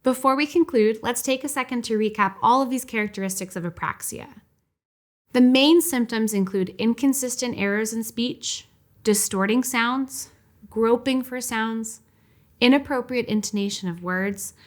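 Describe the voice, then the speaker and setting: A woman giving a scripted, clear and measured narration for an educational video. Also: fairly high pitch. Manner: clear, measured, instructive delivery.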